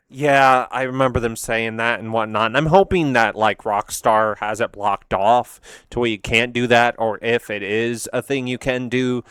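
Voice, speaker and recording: A man's voice: fairly low pitch, a bit bright, clean tone, no room sound. A man hosting a casual meme reaction video, rambling and self-deprecating, often laughing at his own comments. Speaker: host reacting to memes.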